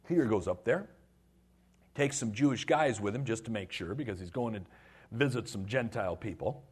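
A middle-aged man preaching a sermon as pastor, retelling a story in a lively way and acting out the voices. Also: lowish voice, normal speed, breathy edge.

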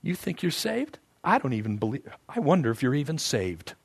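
A man voicing Satan as a whispering serpent who mocks and accuses the listener in a low, hissing voice. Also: very animated, gravelly, breathy edge, full character voice. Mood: taunting. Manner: mocking, accusing, drawn-out. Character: whispering sneering male Satan, a serpent tempter.

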